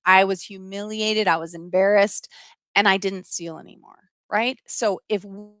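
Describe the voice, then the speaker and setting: A middle-aged woman hosting a live stream, telling a personal story in an animated, emphatic way and often checking in with "right?". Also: mid-range voice, no room sound.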